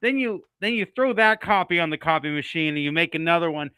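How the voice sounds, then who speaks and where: A man in casual chat, working his ideas out aloud with lots of fillers. His voice is smooth and bright, a little above average in pitch. The sound is dry and close. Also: animated, fast, no echo. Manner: rambling, thinks aloud with many fillers. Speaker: co-host.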